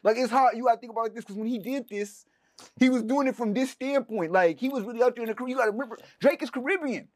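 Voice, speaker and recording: A man's voice: extremely high pitch, racing, dry recording, studio quality. A man co-hosting a podcast in casual chat, emphatic and slangy, repeating himself to drive his points home. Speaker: podcast co-host.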